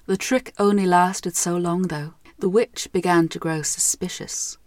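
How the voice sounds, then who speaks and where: A young Irish woman narrating a storybook tale in a gentle, measured way. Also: fairly low pitch, steady tone, no room sound, studio quality.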